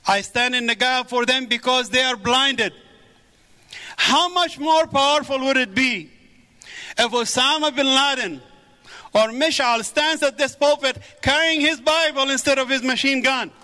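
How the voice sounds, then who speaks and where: A man's voice: very high-pitched, steady tone, moderate pace, pushed and bright, clean tone. A middle-aged man from the Middle East giving a fervent preached testimony in a church. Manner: fervent, repeats praise.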